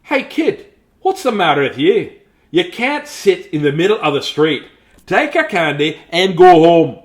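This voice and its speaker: A man's voice: on the high side, big pitch swings, unhurried, voice pushed up. A man voicing a stern grown-up policeman in a read-aloud storybook. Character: gruff grown-up male policeman.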